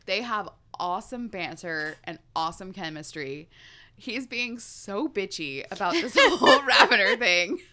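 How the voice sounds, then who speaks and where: Bright-voiced woman recapping a story. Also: mid-range voice, sing-song, a little slow. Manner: chatty, laughs often while recounting the story. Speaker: podcast co-host recapping a book chapter. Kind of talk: casual chat.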